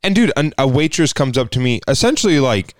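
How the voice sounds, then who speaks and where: A man co-hosting a podcast, telling a story in casual chat, animated and profane, acting out the people in it. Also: medium pitch, brisk, dry recording, studio quality. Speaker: podcast co-host.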